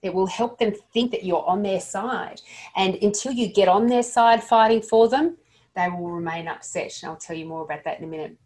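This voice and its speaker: A woman's voice: mid-range voice, brisk, darkish tone. A woman with a mid-range voice gives staff a practical lesson on handling upset patients. She talks earnestly and plainly, often catching herself and restarting a phrase. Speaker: dental practice trainer. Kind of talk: instructional talk to dental staff.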